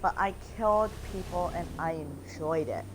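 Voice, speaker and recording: A woman's voice: low voice, moderate pace. A woman chatting casually and bluntly while playing a game with a friend, laughing often. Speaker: gaming co-player. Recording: noticeable background noise.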